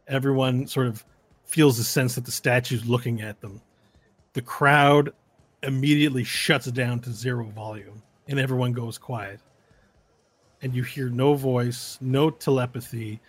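A man narrating a tabletop game as game master, telling the story slowly and dramatically. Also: mid-range voice, slightly rough, no echo.

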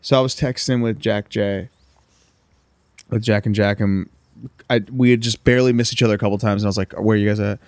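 A man's voice: fairly low pitch, fairly even intonation, brisk, long pauses, darkish tone, no room sound. A young man on a casual podcast, telling a story loosely with swearing and lots of restarts. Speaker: podcast co-host. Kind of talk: casual chat.

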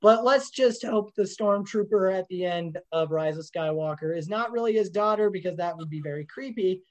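A man hosting a casual movie chat, joking and animated. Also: high voice, normal speed, poor audio. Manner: joking, animated, does playful impressions. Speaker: podcast host. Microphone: home microphone on a call.

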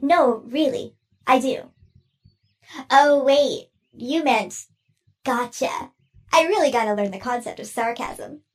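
A naive, eager robot fellow from a cartoon, voiced by an actor, talks high and sing-song with big swoops. He chatters on earnestly and takes everything literally. The sound is a touch distant from the mic. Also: big pitch swings, slow, long pauses, exaggerated voice. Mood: chirpy. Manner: chatty, earnest, misses sarcasm. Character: naive literal-minded male robot named Kika/Geek.

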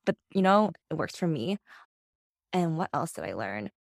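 A woman's voice: deep voice, big pitch swings, normal speed, vocal fry, no room sound, studio quality. A woman co-hosting a podcast in casual chat, blunt and frank, swearing and using lots of fillers. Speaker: podcast co-host.

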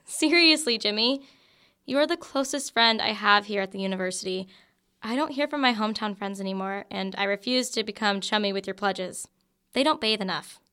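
A young woman acting a college student who lives in a frat house, quick to bicker, in an audio drama. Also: mid-range voice, sharp tone, smooth, lightly acted. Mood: lively. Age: young adult.

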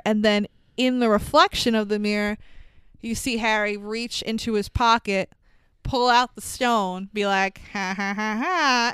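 A woman's voice: on the high side, smooth, no room sound. Woman animatedly recapping a movie. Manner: animated, swears freely, laughs often.

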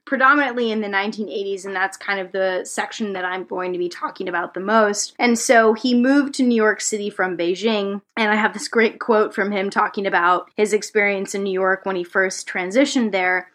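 A woman co-hosting a casual podcast, chatty and quick to giggle, presenting from her notes. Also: mid-range voice, steady tone, fairly bright tone. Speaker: podcast co-host.

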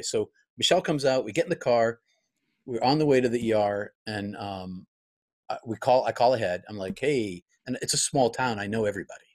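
A middle-aged man speaks as an interview guest, his pitch sitting in an ordinary middle range. He tells his story reflectively, stopping to restart sentences and slipping into his own remembered thoughts. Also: fairly quick. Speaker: guest, pastor.

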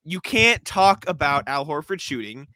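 A man with a fairly high, bright, forceful voice co-hosts a sports podcast over a remote call. He laughs often and stumbles through quick restarts. The sound is dry and close. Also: very animated, no echo. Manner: laughs easily, thinks on the spot with restarts. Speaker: podcast co-host. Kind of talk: casual sports podcast chat. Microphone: remote call, muted at times.

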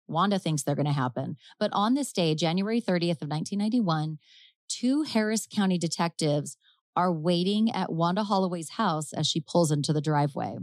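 Brief: podcast host, woman, lowish voice, chatty true-crime storyteller, dry close sound. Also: no room sound. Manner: chatty, laughs often, acts out quotes. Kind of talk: casual storytelling chat.

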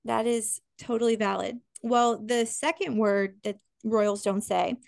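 A woman co-hosting a podcast in casual chat, enthusiastic and quick to restart her sentences. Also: on the high side, creaky, no room sound. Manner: chatty, enthusiastic, self-interrupting. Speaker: podcast co-host.

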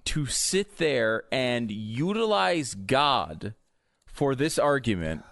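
A man's voice: mid-range voice, sing-song, slow pace, fairly bright tone, dry recording, studio quality. A male co-host on a talk show, ranting with emphatic indignation. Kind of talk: comedic talk show banter.

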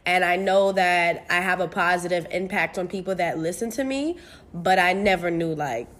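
A young woman from the United States hosting her own podcast, talking casually and candidly, swearing freely and getting animated. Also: fairly low pitch, moderate pace. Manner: candid, profane, animated with bursts of laughter. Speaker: podcast host. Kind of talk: casual solo podcast chat.

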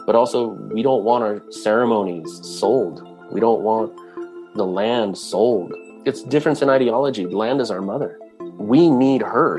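Earnest low-voiced man talking. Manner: earnest, conversational, frequent restarts. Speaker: speaker on indigenous culture. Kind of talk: casual talk.

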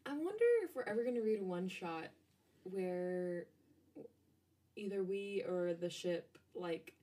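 A woman's voice: on the low side, measured pace, dark tone. A young woman co-hosting a podcast, chatting casually with giggly, flustered reactions. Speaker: podcast co-host. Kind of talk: casual chat.

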